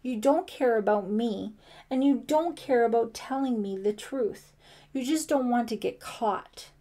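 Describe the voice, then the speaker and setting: A woman voicing a frightened, angry teenage girl in an audiobook, loud and accusing. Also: medium pitch, slow pace, natural voice. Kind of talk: audiobook character voice.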